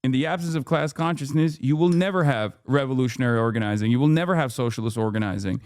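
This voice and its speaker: A man's voice: medium pitch, quick pace, a little mellow. A man hosting a live stream, ranting about politics with heavy profanity and exasperated sarcasm. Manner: sarcastic mock voices. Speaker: streamer host.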